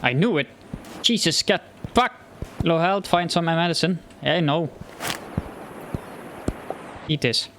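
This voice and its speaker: A man's voice: fairly high pitch, slow pace, long pauses, noisy background. A man commenting on his own gameplay, muttering nervously to himself and yelping when scared. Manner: jumpy, frightened muttering to himself. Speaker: gamer. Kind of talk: let's play commentary.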